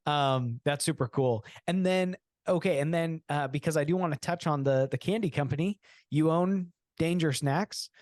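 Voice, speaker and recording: A man hosting a casual podcast interview, relaxed and agreeable, asking easygoing questions. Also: on the high side, normal speed, no echo, clean studio sound. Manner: relaxed, agreeable, says "super awesome". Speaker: podcast host.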